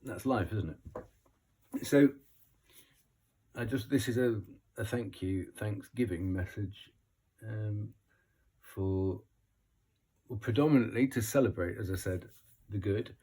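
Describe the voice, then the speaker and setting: Croaky British man reading oracle cards. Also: fairly low pitch, slow pace, pauses often, dark tone. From Britain. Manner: rambling, chuckling between thoughts. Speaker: oracle card reader. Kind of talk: casual spoken card reading.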